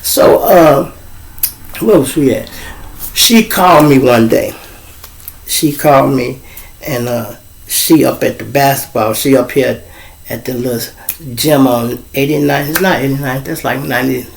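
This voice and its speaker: A middle-aged Chicago man with a gravelly edge to his voice spins a rambling, profane story. He keeps it casual and conversational, and he jumps his pitch way up to play the other people in it. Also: measured pace, pauses often. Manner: profane, animated, acts out quoted voices with big pitch jumps. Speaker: show host telling a personal story.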